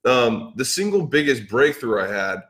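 A man's voice: medium pitch, very animated, normal speed, a bit bright, echoey room. Rambling man acting out old sales talks. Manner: rambling, filler-heavy, acts out past dialogue. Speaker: podcast host. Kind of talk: casual business talk.

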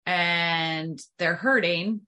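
A woman's voice: fairly low pitch, extremely slow, pushed and bright. A woman podcast host who asks questions and affirms her guest often. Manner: affirming, frequent mm-hmms. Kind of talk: conversational interview.

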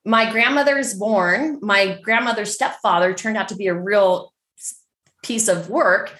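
A middle-aged woman from San Francisco, telling a story as a podcast guest in a chatty, animated way full of fillers. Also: medium pitch, unhurried, reverberant. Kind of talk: casual storytelling.

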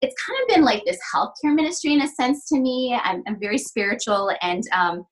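On the high side and a little fast, this middle-aged physical therapist and practice owner speaks expressively as a podcast guest, sharing an emotional story from her life. She's earnest, acting out the dialogue with many fillers and restarts, over a low-quality recording.

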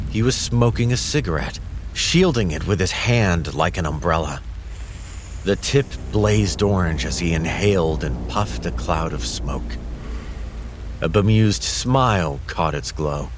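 A man reading a horror story aloud in a steady, measured storytelling manner. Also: low-pitched, background noise. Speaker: narrator. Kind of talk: scripted horror narration. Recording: music under the voice.

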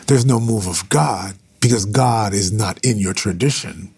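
Husky male preacher on a livestream, fervent, repeats lines for emphasis. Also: lowish voice, measured pace, few pauses, darkish tone, faint music behind. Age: adult with sons.

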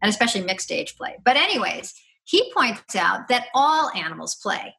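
A middle-aged woman, a podcast guest, chatting and explaining at length in a lively, rambling way, with laughs and restarts. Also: mid-range voice, normal speed, gravelly. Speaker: podcast guest, free-play advocate. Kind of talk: casual conversational explaining.

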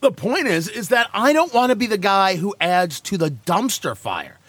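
A man's voice: high voice, no room sound. A man hosting a talk show, ranting and joking sarcastically in casual banter with co-hosts. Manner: animated, sarcastic, quick asides.

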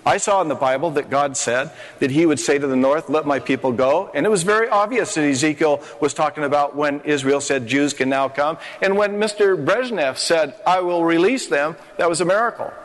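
Older male preacher, impassioned stage sermon, slightly high voice, reverberant hall sound. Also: a little fast, hardly any pauses. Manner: impassioned preaching with rising emphatic phrases. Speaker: pastor.

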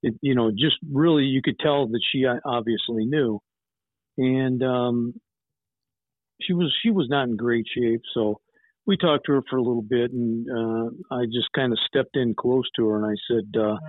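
A man's voice: medium pitch, normal speed, dry recording. A man in his sixties, a private investigator, telling case stories in a blunt, rambling way. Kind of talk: casual interview storytelling. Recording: tinny phone-like line, dry.

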